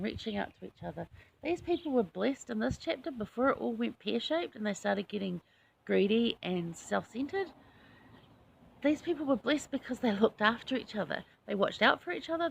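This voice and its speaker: A woman's voice: a little high, creaky, husky. A woman hosting a casual scripture study chat, talking in a chatty, enthusiastic way with personal asides. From New Zealand. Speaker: host.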